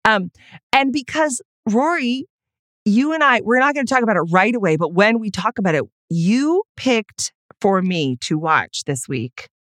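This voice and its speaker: A woman's voice: medium pitch, expressive, moderate pace, fairly bright tone, dry recording, studio quality. A woman co-hosting a casual podcast, bubbly and giggly, gushing and joking as she chats. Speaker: podcast co-host.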